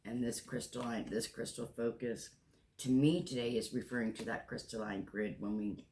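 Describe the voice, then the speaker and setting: A man in his sixties reads tarot cards in a spiritual monologue, his medium-pitched voice darkish in tone, fairly even, at a normal speed. Emotional and occasionally tearful, he stays earnest and encouraging while often repeating and restarting phrases.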